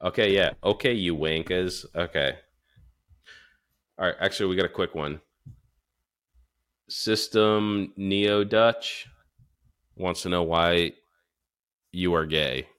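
Low-voiced male co-host, casual and profane. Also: takes it slowly, pauses often, fairly bright tone, clear, resonant tone. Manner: crude, laid-back banter, heavy swearing. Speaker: podcast co-host. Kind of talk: casual chat.

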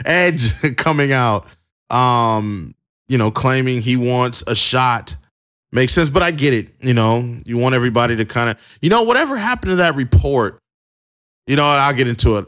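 A man's voice: medium pitch, expressive, measured pace, fairly bright tone. A young man recapping a wrestling show in a casual, chatty way with plenty of fillers. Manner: chatty, many fillers and restarts.

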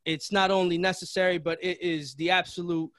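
A man's voice: sits high, level tone, brisk, a bit bright, dry recording, studio quality. A man co-hosting a podcast in casual chat, slangy and saying bro constantly. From Chelsea area. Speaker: podcast co-host.

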